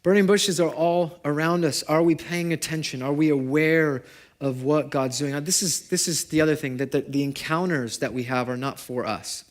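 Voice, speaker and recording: A young adult man preaching a sermon to his congregation in a conversational way, asking them questions and moving between loud and hushed. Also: on the high side, steady tone, normal speed. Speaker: pastor. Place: church service before a congregation.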